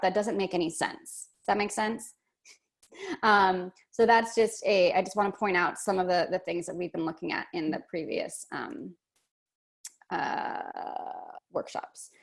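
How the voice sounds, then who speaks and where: A woman teaching an online workshop lesson, chatty and thinking aloud with many fillers and restarts. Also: mid-range voice.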